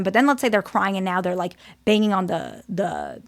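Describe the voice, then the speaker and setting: A woman's voice: medium pitch, sing-song, moderate pace, vocal fry. A woman therapist giving a casual, direct teaching talk, often checking in with "okay?".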